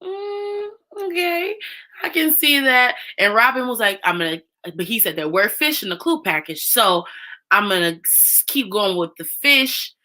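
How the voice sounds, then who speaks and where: A woman's voice: mid-range voice, lively intonation, moderate pace, sharp tone. A woman chatting casually on a live stream, recapping a show and talking straight to her viewers.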